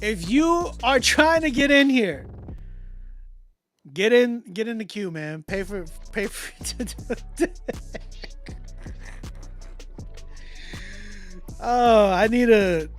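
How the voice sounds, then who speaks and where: A music critique host on a livestream chats loosely in slang, breaking into laughter and restarting often. He speaks at a slow pace in a high, animated voice with a fairly bright tone.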